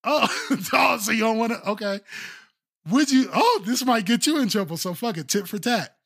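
A man co-hosting a podcast, chatting casually and telling animated, laughing stories. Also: extremely high pitch, normal speed, gravelly, breathy edge. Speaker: podcast co-host.

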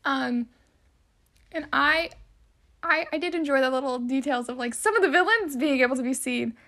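A young woman chats through a solo podcast in a rambling, easygoing way, her speech full of filler words. Her voice sits high and sounds bright and sharp, and she talks freely without a script. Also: moderate pace. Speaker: podcast host. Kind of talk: casual solo podcast chat.

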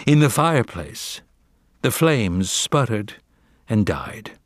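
A man reading a children's novel aloud in a measured, expressive storytelling manner. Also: on the low side, dry recording, clean studio sound. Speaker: audiobook reader. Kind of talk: scripted narration.

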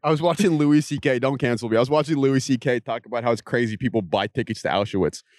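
A man in the middle of a loose podcast chat, swearing freely and hopping between tangents as he goes. His voice sits at an ordinary middle pitch. The mic sound is close and dry, with no room echo. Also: darkish tone. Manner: profane, rambling, quick tangents; often mimics other people's voices. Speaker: podcast host.

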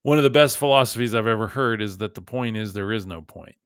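Man, podcast host, lowish voice, dry close sound, animated casual talk. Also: fast, clean tone, dry recording. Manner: emphatic, animated, says "like" often, addresses listeners as guys. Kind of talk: casual monologue.

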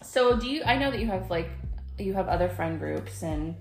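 A woman's voice: fairly low pitch, lively intonation, moderate pace, vocal fry, echoey room, soft background music. A woman with an American accent co-hosting a podcast in casual, giggly chat, with lots of "like". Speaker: podcast co-host.

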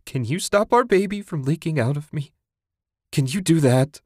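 A man's voice: normal speed, darkish tone, dry recording, clean studio sound, close to an everyday voice. A man voicing a grieving young wife who screams and screeches in despair. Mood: anguished. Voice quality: shrill and screeching.

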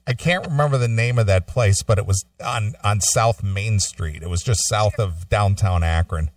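A man's voice: fairly low pitch, normal speed, no echo, studio quality, recorded from a distance. A man in his fifties co-hosting a radio talk show, chatting casually in a laid-back, agreeable way. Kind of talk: casual chat.

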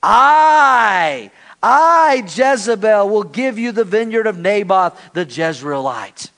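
A man's voice: high-pitched, expressive, takes it slowly, vocal fry, exaggerated voice. A bossy, scolding queen, as a man puts her on. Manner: sharp, bossy tone. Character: bossy, domineering queen, scolding adult woman.

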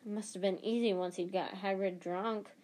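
A woman's voice: mid-range voice, fairly even intonation, moderate pace, a little mellow, close to an everyday voice. A woman voicing an anxious young schoolboy wizard who talks in an urgent, frantic way in a storybook reading.

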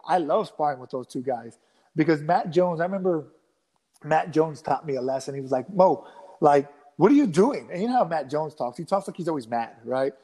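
A man in his thirties telling a rambling, animated story in a casual interview, acting out quotes with many restarts. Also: a little high, fairly quick. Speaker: guest fighter.

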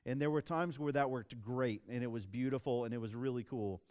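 Young male pastor, casual storytelling sermon, smooth clear voice, mid pitch. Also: fairly quick. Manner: casual, animated storytelling with restarts.

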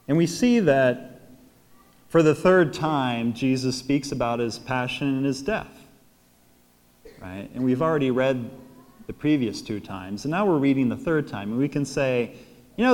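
A man with an American accent, a priest giving a homily, an animated storyteller who acts out quotes and laughs often. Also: medium pitch, in a large hall. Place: church.

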